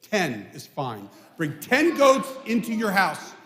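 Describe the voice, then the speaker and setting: Self-assured rabbi, soothing and steady, as a man puts him on; echoey hall. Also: high-pitched, takes it slowly, full character voice. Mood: reassuring. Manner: soothing and confident. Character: calm, self-assured male rabbi giving advice. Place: synagogue sanctuary.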